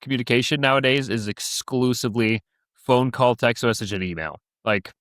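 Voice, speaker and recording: A young man co-hosting a podcast and spinning a story in relaxed chat, acting out the people he quotes. His voice sits in an ordinary middle pitch. The recording is dry and close. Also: normal speed, no room sound. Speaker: podcast co-host. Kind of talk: casual chat.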